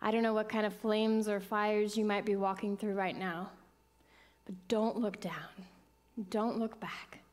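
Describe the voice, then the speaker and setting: A middle-aged woman minister telling a personal story in a sermon, dropping to hushed whispers and rising to excited, emphatic bursts. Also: mid-range voice, measured pace.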